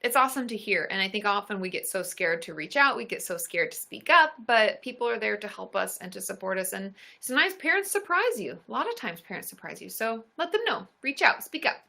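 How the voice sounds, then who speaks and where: Bright, upbeat woman therapist live-streaming. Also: medium pitch, fairly quick, gravelly, hardly any pauses. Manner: upbeat and encouraging, squeals excitedly at gifts. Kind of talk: live-stream chat answering viewers.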